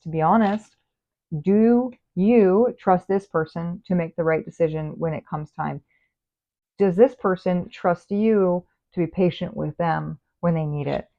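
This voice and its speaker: A woman's voice: on the low side, moderate pace. A woman giving a casual tarot reading, chatty and rambling as she talks straight to the viewer. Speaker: tarot reader. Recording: phone-like narrow sound.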